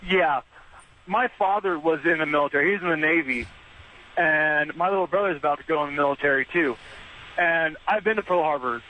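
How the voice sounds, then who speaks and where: A man's voice: on the high side, a little fast, pushed and bright. A man in his twenties calling in to a talk radio show, stumbling over words. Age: 20s. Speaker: caller. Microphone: phone. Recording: dull phone line with faint noise.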